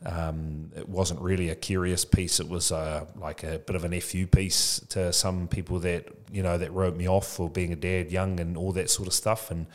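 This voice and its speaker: A man of about forty with a low, deep voice speaks as a podcast guest. He talks loosely and frankly, dropping "bro" into nearly every thought. His delivery is reflective and open. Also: level tone, moderate pace, few pauses. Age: 40s. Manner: casual, says "bro" often, frank and reflective. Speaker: podcast guest, childcare business founder. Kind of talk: candid conversational interview.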